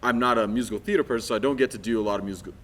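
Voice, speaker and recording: A man, a stage actor, telling in a casual talkback how he picked his song, animated and storytelling. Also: mid-range voice, a little hiss or hum. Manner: animated storytelling, fast talker.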